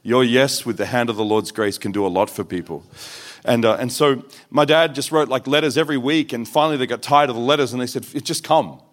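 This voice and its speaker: A man's voice: mid-range voice, quick pace. Earnest male preacher telling his story. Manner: earnest storytelling with quoted voices. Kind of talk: sermon testimony.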